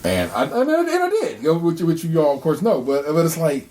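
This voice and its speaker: A man's voice: fairly high pitch, brisk, a little hiss or hum. A man co-hosting a podcast, chatting casually and telling stories with acted-out dialogue. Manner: animated storyteller, acts out quoted dialogue, frequent restarts. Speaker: podcast co-host. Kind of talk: casual chat.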